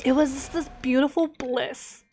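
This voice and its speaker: A woman streamer telling a personal story with emotional swings, many fillers and restarts, and sudden loud moments. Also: sits high, steady tone, moderate pace, a little hiss or hum.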